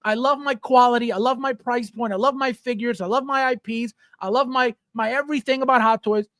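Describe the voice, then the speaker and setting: This livestream host has an extremely high-pitched, fairly bright voice with a steady tone and a brisk pace, captured at studio quality without room sound. He goes through viewer chat out loud, answering with a blunt, curse-filled casual rant.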